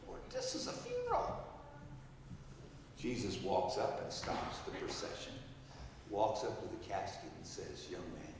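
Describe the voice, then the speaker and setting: Old guy preaching in a big echoey church, loud then hushed, kinda high voice. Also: slight background noise. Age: 70s. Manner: swings from loud exclaiming to hushed quoted words. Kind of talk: storytelling sermon. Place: large church hall. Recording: echoey hall, mic from far off.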